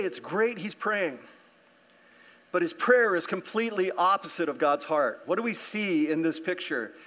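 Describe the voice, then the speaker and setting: A man's voice: high-pitched, a bit bright. A man preaching a sermon, explaining the verses in a conversational way and asking his listeners questions. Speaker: pastor.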